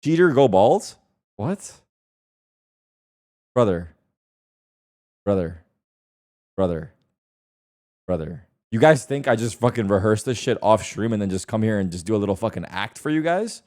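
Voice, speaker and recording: Male streamer, young adult, swears a lot, pitch jumps all over, casual live chat. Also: measured pace, long pauses. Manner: animated, swearing, defensive banter with chat.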